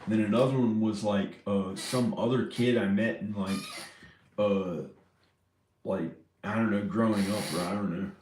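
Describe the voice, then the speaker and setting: A man talks to the camera in a meandering monologue, sliding between half-finished thoughts. His voice sits on the low side. The room echoes noticeably, with a faint hiss underneath. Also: fairly even intonation, moderate pace, a little mellow. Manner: meandering, trailing off and restarting thoughts. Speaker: vlogger. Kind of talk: rambling casual monologue. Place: inside his house. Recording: roomy echo in a house.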